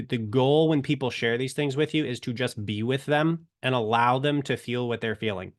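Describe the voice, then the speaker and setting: Brief: male instructor, mid pitch, earnest and conversational, acts out quick example exchanges. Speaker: online course instructor. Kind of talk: casual teaching talk.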